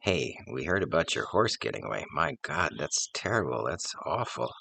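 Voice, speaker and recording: A man's voice: deep voice, very animated, moderate pace, gravelly, pushed and bright, breathy edge, dry recording, full character voice. A man voicing dramatic, gossipy village neighbors who exclaim over news. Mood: dismayed.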